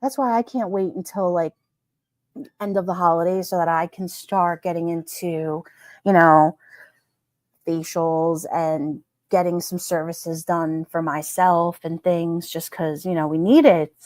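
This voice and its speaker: A woman hosting a casual livestream, reading viewer comments aloud and chatting about them in an animated way, laughing often. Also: lowish voice, measured pace, dry recording. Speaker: livestream host.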